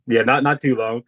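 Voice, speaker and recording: A man's voice: medium pitch, a bit bright, slightly rough, low-quality recording. A man from Virginia with a Southern accent, a guest chatting on a video call in a laid-back, hesitant way. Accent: Southern American. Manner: laid-back, hesitant, lots of ums and uhs. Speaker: guest artist. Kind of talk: casual chat on a video call.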